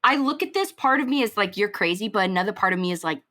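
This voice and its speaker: A woman's voice: medium pitch, lively intonation, quick pace, sharp tone. Giggly young woman rambling casually. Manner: rambling, giggly, lots of fillers. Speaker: podcast co-host. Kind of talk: casual chat.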